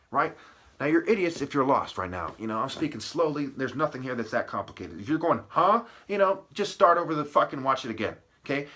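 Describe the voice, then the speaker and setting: Male solo lecturer, bright tense tone, emphatic and preachy, berates listeners, leans on "okay?" and "right?". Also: on the high side. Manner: punning word-play, repeated "okay" and "right". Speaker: channel host.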